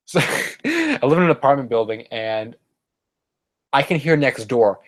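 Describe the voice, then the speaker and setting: Guy rambling on his stream from his apartment, lots of likes and ums, normal middle-pitched voice. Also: huge pitch swings, unhurried. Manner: rambling, many fillers and restarts. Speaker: streamer answering chat. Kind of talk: casual live-stream chat. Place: apartment room.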